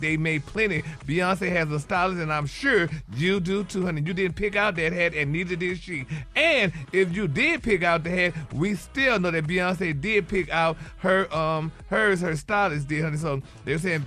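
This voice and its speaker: A man's voice: high-pitched, normal speed, few pauses, pushed and bright, soft background music. A man reading celebrity gossip on a radio morning show, sassy, peppering every phrase with "honey" and "baby". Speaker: celebrity news reporter.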